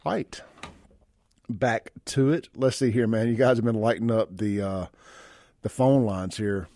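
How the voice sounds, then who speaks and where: A man's voice: on the low side, measured pace, warm tone, no room sound. A man hosting a talk radio show, chatting bluntly and reading listener texts aloud. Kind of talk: casual talk radio chat. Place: radio studio.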